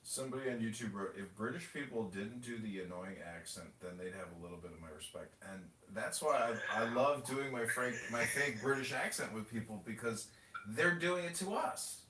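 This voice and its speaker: Man, casual podcast talk, mocking, lively pitch, bright tone, roomy far-off sound. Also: moderate pace. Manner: rambling, mocking, profane. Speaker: political candidate and podcast host. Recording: roomy audio from away from the mic with faint noise.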